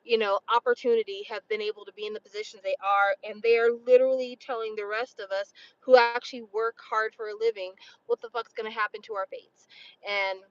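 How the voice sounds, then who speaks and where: A woman's voice: fairly high pitch, steady tone, brisk, no room sound, lo-fi sound. A woman in her forties talking casually to camera, blunt and opinionated, swearing freely. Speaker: vlogger.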